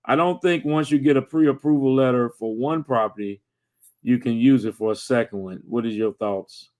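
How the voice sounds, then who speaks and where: A man hosting a live video chat, reading out viewer questions and greeting viewers by name in a halting, friendly way. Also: medium pitch, a little mellow. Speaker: host. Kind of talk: casual livestream chat.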